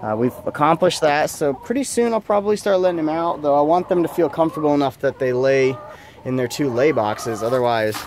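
A man's voice: on the high side, expressive, a little fast, darkish tone, slight background noise. A man casually chatting as a vlogger, outdoors in his backyard, in an easygoing, chatty way. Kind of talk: casual chat.

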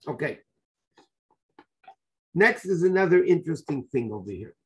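Rabbi guy teaching torah, kinda high voice, tells the story fast with lots of "okay?" and hebrew words. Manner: animated storytelling with rhetorical questions; sprinkles Hebrew and Yiddish terms. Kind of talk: Torah class.

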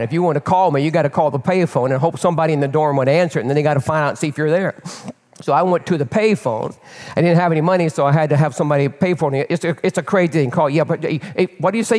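An older man preaching as a pastor and telling a personal story in an animated, candid way, often repeating words as he builds. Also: on the high side, fast. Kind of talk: storytelling sermon. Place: church sanctuary. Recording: long reverb of a church hall.

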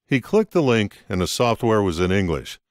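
A man narrating an audiobook in an expressive, scripted reading. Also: lowish voice, normal speed, no echo, studio quality.

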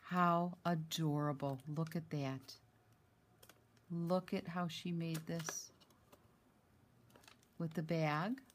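A woman's voice: low-pitched, takes it slowly, pauses often, a little hiss or hum. Female home vlogger, chatty and gushing, casual with lots of fillers. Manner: chatty and excited, many fillers. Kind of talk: casual chat, showing a mail package.

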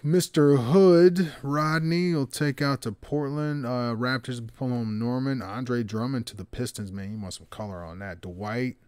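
A man hosting a card break, casually calling out players with slangy, excited remarks and muttered asides. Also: medium pitch, normal speed, few pauses, clear, resonant tone, no echo. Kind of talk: casual card-opening commentary.

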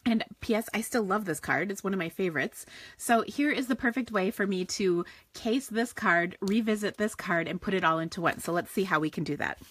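A woman's voice: mid-range voice, a little fast, fairly bright tone, husky, dry recording. A woman hosting a live card-making stream, talking casually and rambling with frequent laughs. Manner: chatty, rambling, laughs often. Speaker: stamping and card-making host.

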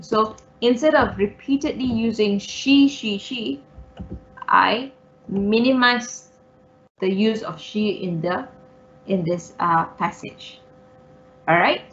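A woman's voice: mid-range voice, fairly bright tone, dull audio, slight background noise. A woman teacher giving an online English writing revision lesson, explaining each point patiently and step by step with many okays and all rights. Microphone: online class audio.

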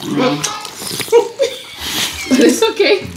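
A woman's voice: high voice, wildly swooping pitch, takes it slowly. A woman guest at a casual home meal, chatty and telling stories. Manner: chatty, storytelling, laughing often. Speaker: guest, the host's niece. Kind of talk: casual mealtime chat while eating. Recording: roomy, distant, noisy home recording.

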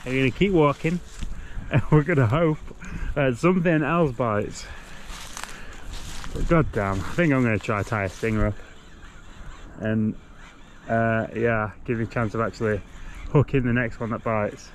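A man's voice: mid-range voice, moderate pace, long pauses, a little hiss or hum. A young man talking casually to camera while fishing outdoors on a canal bank, muttering to himself and swearing mildly. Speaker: fishing vlogger. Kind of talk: casual vlog commentary.

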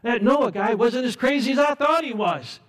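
A man preaching a sermon voices a scoffing male neighbor who mocks loudly and later shouts in a high, strained voice. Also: expressive, moderate pace. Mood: panicked.

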